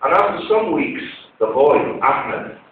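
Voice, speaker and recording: A man's voice: a little high, sing-song, measured pace, slight background noise. A man giving an Islamic talk to an audience, telling conversational stories with quoted dialogue, heard in a large hall. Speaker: Islamic lecturer. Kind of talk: storytelling religious talk to an audience. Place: large echoey lecture hall. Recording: tinny, echoey hall recording from far off.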